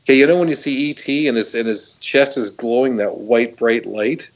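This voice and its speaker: Speaking at medium pitch and normal speed, this middle-aged man is a talk show guest. He tells a story from his own life with excitement, frequent laughs, restarts, and fillers.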